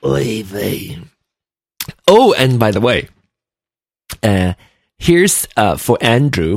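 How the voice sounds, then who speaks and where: Male podcast host, rambling, giggly, lively pitch, slow pace, dry close mic. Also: vocal fry, husky, dry recording. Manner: rambling and giggly, lots of fillers. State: just woke up, clammy. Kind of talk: solo podcast chat. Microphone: desk mic at computer.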